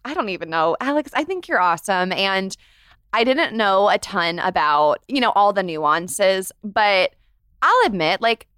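A woman hosting a podcast interview, empathetic and quick to laugh. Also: mid-range voice, animated, clear, resonant tone, dry recording, clean studio sound. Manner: warm, empathetic, laughs easily. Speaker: podcast host.

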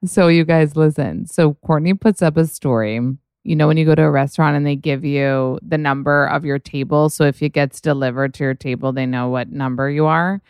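Low-voiced young woman gushing and swearing. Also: steady tone, a little fast, hardly any pauses, darkish tone, clear, resonant tone, no room sound, studio quality. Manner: gushing, swears a lot, says "like" often. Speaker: podcast host. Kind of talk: casual chat.

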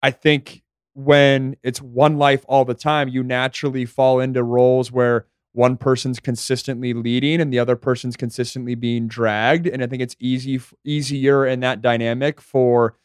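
Young man, relaxed, conversational, casual co-host, medium pitch, dry recording. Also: normal speed, smooth, no room sound. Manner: relaxed, conversational, some restarts. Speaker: podcast co-host. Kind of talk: casual chat.

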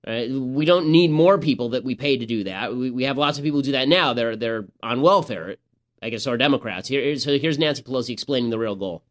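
A man's voice: mid-range voice, fairly quick. A man hosting a political commentary podcast, talking in a sarcastic, mocking way. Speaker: podcast host.

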